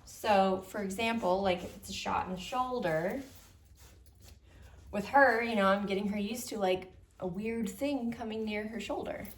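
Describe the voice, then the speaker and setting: A young adult woman dog trainer explaining a handling exercise during a session, with soothing, low-key praise for the dog between explanations. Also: normal speed. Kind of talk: hands-on training demonstration. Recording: roomy, distant mic, faint noise.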